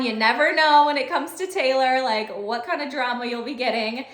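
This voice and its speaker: High-voiced woman in an echoey room. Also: moderate pace, hardly any pauses. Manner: animated, laughing, chatty. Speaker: special education teacher. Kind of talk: storytelling vlog.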